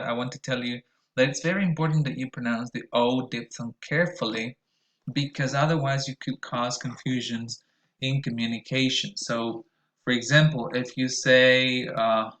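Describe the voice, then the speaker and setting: A man's voice: mid-range voice, fairly bright tone, reverberant. A man teaching a recorded pronunciation lesson, explaining carefully with frequent "uh" and "um" fillers.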